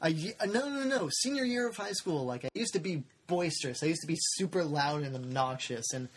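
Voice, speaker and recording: A man's voice: fairly high pitch, animated, a little fast, breathy edge. A man in his twenties, a podcast guest, chatting casually in a wry, joking way and swearing offhandedly. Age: 20s. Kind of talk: casual chat.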